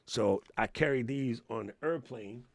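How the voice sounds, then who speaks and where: Unhurried and creaky, his medium-pitched voice carries a casual livestream Q&A where he answers questions from live chat. He laughs frequently and tells stories in a loose, slang-heavy style.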